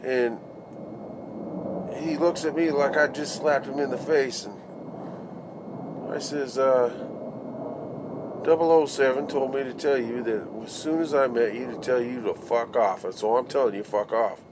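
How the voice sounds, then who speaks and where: A man's voice: mid-range voice, steady tone, normal speed, noisy background. A man, a construction worker, telling a story to his video audience in a casual, laughing way, swearing freely and acting out the voices of the people he quotes.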